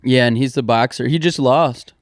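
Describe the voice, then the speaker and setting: A man's voice: medium pitch, moderate pace, a little hiss or hum. A young man co-hosting a podcast in casual chat, rambling and laughing often. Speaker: podcast co-host.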